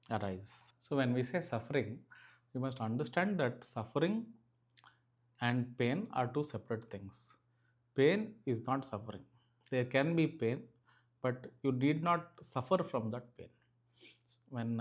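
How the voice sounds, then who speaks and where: Man, spiritual teacher, earnest, reflective, mid pitch, frequent fillers. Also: a little mellow. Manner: earnest, thoughtful, frequent "you know" fillers and restarts.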